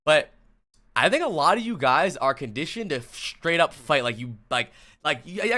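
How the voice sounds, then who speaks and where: A man's voice: fairly high pitch, sing-song, moderate pace, bright, forceful tone. A young man from the US East Coast reviewing gameplay on a live stream, talking to chat in a blunt, profane and casual way. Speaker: streamer and coach.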